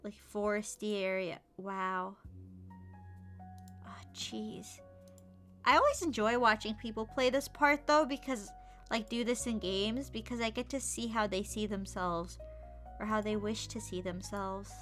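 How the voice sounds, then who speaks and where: A young woman streaming a game, chatting playfully and gushing over cute outfits, sometimes dropping to soft whispers. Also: mid-range voice, normal speed. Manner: slips into soft whispers and mutters. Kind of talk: casual gameplay commentary. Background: game music.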